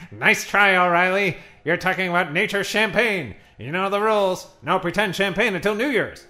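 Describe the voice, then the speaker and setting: A man's voice: high-pitched, expressive, normal speed, bright, forceful tone. A man voicing a cheery, wealthy, miserly politician cast as Scrooge, eager and a little pompous. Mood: chipper. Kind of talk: radio comedy sketch.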